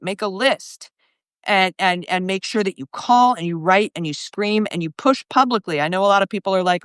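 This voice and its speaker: A woman's voice: medium pitch, normal speed, smooth, dry recording, clean studio sound. A woman guest in a heated political discussion, talking with anger and emphasis and swearing freely. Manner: angry, profane, emphatic. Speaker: podcast guest.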